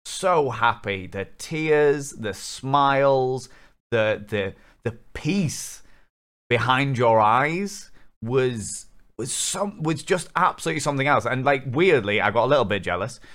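A man's voice: medium pitch, lively intonation, unhurried, a bit bright. A man hosting a casual podcast interview, talking in an earnest, rambling, impassioned way. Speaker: podcast host.

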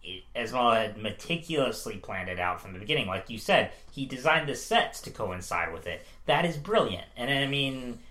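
A man with a bright, forceful voice of ordinary pitch co-hosting a podcast. He joins the talk eagerly and stumbles over restarts when he cuts in. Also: lively intonation, normal speed, few pauses. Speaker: podcast co-host. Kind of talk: casual chat reviewing a TV show.

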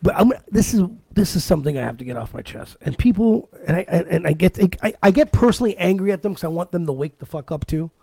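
Male podcast co-host, angry profane ranter, high gravelly voice, dry close mic. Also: expressive, quick pace, few pauses, dark tone, no room sound. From Canada. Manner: angry, profane ranting with repeated restarts. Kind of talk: casual podcast rant. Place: podcast studio.

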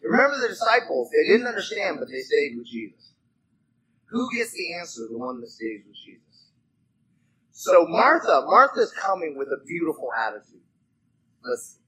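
Male preacher, conversational sermon, very expressive and bright. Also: on the high side, normal speed, husky, low-quality recording. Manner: animated, conversational, asks the congregation questions; swings from loud dramatic reading to soft asides.

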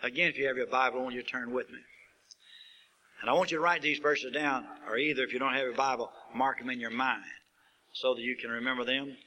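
A man preaching a sermon who builds to emphatic peaks and asks rhetorical questions, stretching out key words slowly. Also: medium pitch, steady tone, sharp tone, dull audio. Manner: slow drawn-out stresses on key words.

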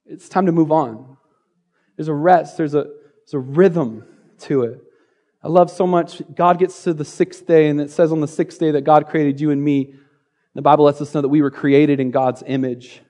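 A man preaching a sermon on a church stage, playful and energetic, joking and repeating key phrases. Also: on the high side, moderate pace. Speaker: pastor.

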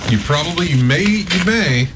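A man co-hosts a loose chat show and keeps offering trivia facts, with a lively, swinging pitch. His talk is casual and quick to laugh, with a faint hiss underneath. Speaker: co-host.

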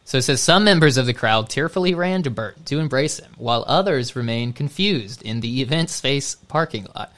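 A relaxed man co-hosting a casual podcast chat. He reads a news story out loud, stumbling over fillers and breaking into laughter and asides. His voice sits at a middling pitch. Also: brisk, hardly any pauses. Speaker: podcast co-host.

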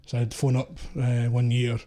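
A middle-aged Scottish man with a broad East Coast accent talks in a warm, dark tone. He tells his stories bluntly, swearing freely. His delivery is casual and full of laughter. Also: mid-range voice, completely flat delivery, moderate pace. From Scotland. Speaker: podcast guest, former security contractor. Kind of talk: casual chat.

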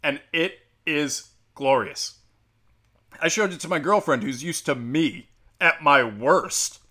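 A man's voice: on the high side, slow pace, bright, forceful tone. A young man hosting a casual, heated commentary, sarcastic and profane, with lots of fillers. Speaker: commentary host.

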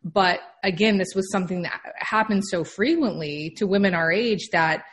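A woman in her thirties, a holistic practitioner hosting a talk, explaining things in a measured way. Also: medium pitch. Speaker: holistic practitioner, podcast host. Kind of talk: conversational commentary.

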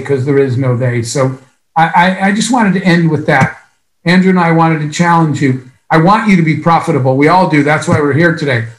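Male motivational speaker, earnest and emphatic, higher voice, roomy reverb. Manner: earnest, emphatic storytelling with long pauses. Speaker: speaker at a business event. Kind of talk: motivational speech.

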